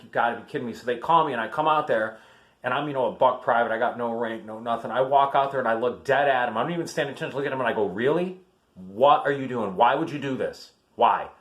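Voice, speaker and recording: A man's voice: mid-range voice, a bit bright. Rambling chatty man in his fifties. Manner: rambling, chatty, many fillers and restarts. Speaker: army veteran showing family military keepsakes. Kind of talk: casual storytelling vlog.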